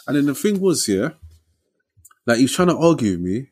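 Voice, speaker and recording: Husky young man telling a story. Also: mid-range voice, brisk. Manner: animated, slangy, tags lines with "innit" and "yeah". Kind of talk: casual storytelling chat.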